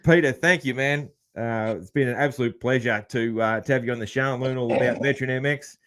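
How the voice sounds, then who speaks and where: A man's voice: mid-range voice, fairly quick, a bit bright. A man with an Australian accent hosting a casual podcast interview, laid-back and rambling. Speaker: podcast host.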